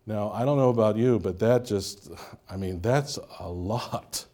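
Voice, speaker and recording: A man's voice: on the low side, measured pace, warm tone. A male pastor preaching a sermon, emphatic, with rhetorical questions and swings in intensity.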